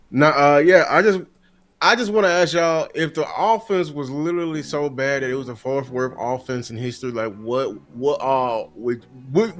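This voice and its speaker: A man co-hosting a sports podcast, animated and slangy, asking rhetorical questions. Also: medium pitch. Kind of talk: casual sports talk.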